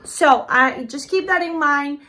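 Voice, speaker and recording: A balloon decorator walks viewers through a DIY tutorial, gushing over her work and repeatedly calling them "you guys." Her high voice sounds pushed and bright, and she talks a little slowly.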